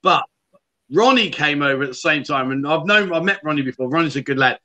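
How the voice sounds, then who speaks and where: A man hosts a casual livestream chat show. He tells stories and reads out viewer comments in a bright, forceful voice that sits a little high for a man. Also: expressive, brisk, muffled recording.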